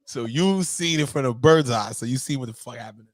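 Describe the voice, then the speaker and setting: A man in casual podcast chat, ranting in animated slang and laughing often. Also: mid-range voice, brisk.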